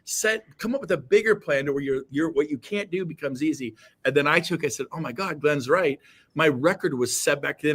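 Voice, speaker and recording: Man, guest coach; preachy, fiery delivery with shouted bursts; voice sits a bit high. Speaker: guest, real estate coach. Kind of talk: motivational talk.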